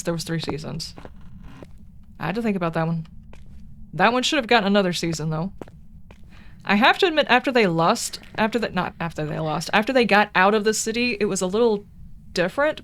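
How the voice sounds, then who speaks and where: A woman with a Southern American accent, chatting casually and rambling through tangents while streaming a game. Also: medium pitch. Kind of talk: casual chat while gaming.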